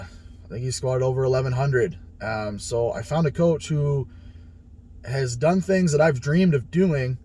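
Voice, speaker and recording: A man's voice: a little high, a little mellow, breathy edge. A man casually telling a story about his training, blunt and heavily profane, acting out the conversations he had. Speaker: powerlifter sharing his experience.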